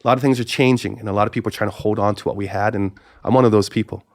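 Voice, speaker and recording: Man, from Hawaii, middle-aged, pastor guest, lowish voice, dry close sound, animated storytelling with restarts. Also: dry recording. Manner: animated storyteller, repeats phrases, quick restarts. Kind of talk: conversational storytelling interview.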